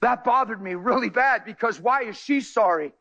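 A man giving an emotional spoken testimony to a church, impassioned and emphatic, his voice swinging from high cries to low murmurs. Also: moderate pace, vocal fry, bright, forceful tone, lo-fi sound.

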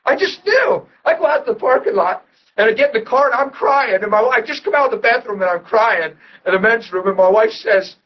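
A man preaching a sermon, telling his testimony with emotional storytelling that swings from hushed to loud. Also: very high voice, lively intonation, brisk, distant mic, lo-fi sound.

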